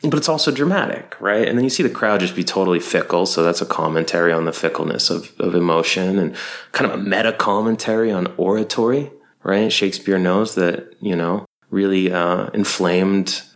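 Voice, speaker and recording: A man hosting his own podcast, talking casually in an animated, rambling way with lots of fillers. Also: sits low, fairly quick. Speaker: podcast host and co-founder. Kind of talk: casual solo podcast talk.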